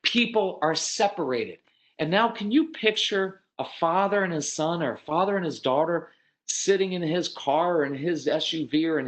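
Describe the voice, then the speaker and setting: Man, fairly high voice, folksy and animated parenting-seminar speaker who coaches dads. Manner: animated, acts out quoted parents with sudden pitch jumps; folksy, earnest, addresses dads directly.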